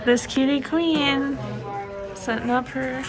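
A woman's voice: high-pitched, fairly even intonation, slow pace, low-quality recording. A woman narrating a casual vlog at a concert venue, upbeat and affectionate. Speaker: vlog co-host. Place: concert venue during rehearsal. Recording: loud live music behind the voice.

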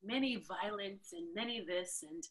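A woman's voice: mid-range voice, normal speed, close to an everyday voice. A woman voicing a pushy, brusque middle-aged white South African man with an Afrikaans accent. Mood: dismissive. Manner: brusque, hurrying.

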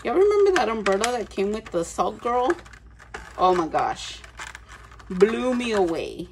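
A woman unboxing collectible toys in casual chat, gushing over each one, gasping often and slipping into soft whispers. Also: mid-range voice, sing-song, unhurried, a little hiss or hum. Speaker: toy collector vlogger.

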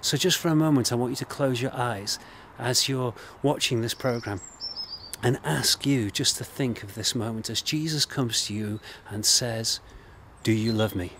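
An English man of middle pitch preaches in an earnest, gently emphatic way, returning again and again to the same phrases. His sermon was recorded for an online service, with a faint hiss and the odd bird in the background. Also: moderate pace. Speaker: minister.

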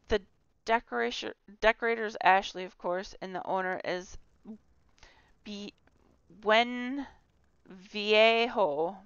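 A woman's voice: medium pitch, clean tone, no room sound, highs cut off. A woman hosting a casual tour of a game house, chatty, giggly and self-deprecating. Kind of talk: casual gameplay tour commentary.

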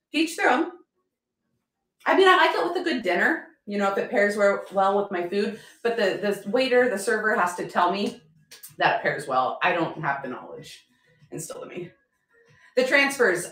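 A woman's voice: medium pitch, sharp tone. A woman selling decor in a live auction stream, chatty, upbeat and joking as she goes. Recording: roomy echo.

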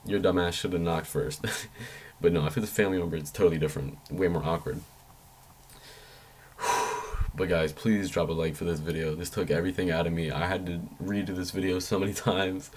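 A young man vlogging a story in a loose, rambling way, swearing freely and jumping up high when he quotes his own panicked thoughts. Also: a little fast, slight background noise. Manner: rambling, excitable, swears freely, jumps into high squeaky voice when quoting himself. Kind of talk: casual storytelling vlog.

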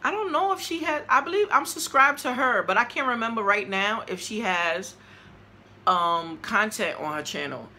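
A woman's voice: fairly high pitch, lively intonation, moderate pace, bright, forceful tone, a little hiss or hum. A woman opening fan mail for her vlog, chatty and gushing as she talks straight to her viewers. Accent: New York. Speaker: vlogger.

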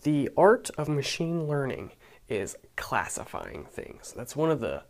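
A young man with a sore, raspy throat, talking quietly and casually as he explains a programming tutorial, with chatty asides. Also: a little high, big pitch swings, a little slow. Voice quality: raspy, hushed. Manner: talks quietly, chatty with asides and self-deprecating jokes. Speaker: programming instructor.

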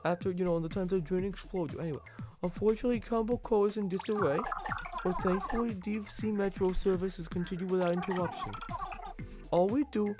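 A creepy sea-creature train conductor who announces his services with customer-service courtesy, then slides deadpan threats in among them, as a man puts him on while reading game text. The delivery stays smooth and even throughout. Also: sits high, a little fast, music in the background, natural voice. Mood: mock polite. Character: polite menacing male sea-creature conductor. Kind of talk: reading game dialogue aloud in a put-on voice.

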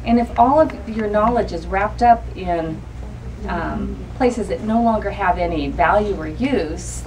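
A woman author answering audience questions at a book event, thoughtful and rambling with many fillers. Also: mid-range voice. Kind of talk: audience Q&A talk. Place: bookstore event room. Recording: distant mic in a noisy event room.

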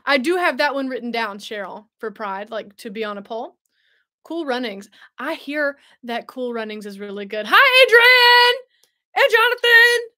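A woman's voice: a little high, bright, forceful tone. A young woman hosting a casual livestream, bubbly and chatty, laughing often and answering viewers. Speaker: host.

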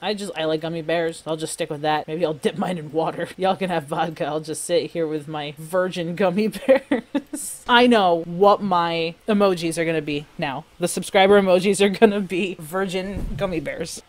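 A woman's voice: on the low side, normal speed, hardly any pauses, faint music behind. A woman giving casual, giggly commentary while playing a life-simulation game, often breaking into laughter and exclamations. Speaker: gameplay streamer.

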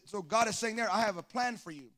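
Pastor, man, high and bright, fervent call-and-response preacher. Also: lively intonation, quick pace. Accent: Southern Californian. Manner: fervent preaching with call-and-response, rising into sing-song cadences. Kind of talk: sermon. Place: church sanctuary.

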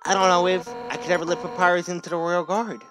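A man's voice: high-pitched, flat delivery, quick pace, background noise, voice pushed down, close to an everyday voice. A man reading as a brash fish warrior woman. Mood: frank. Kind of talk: reading game dialogue aloud.

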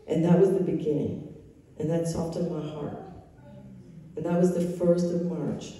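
A woman's voice: deep voice, dark tone, slight background noise. Woman, earnest personal testimony, emotional storytelling, long hall reverb, heavy echo. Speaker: speaker sharing her testimony. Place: live event room. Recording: echoey hall, picked up from far off.

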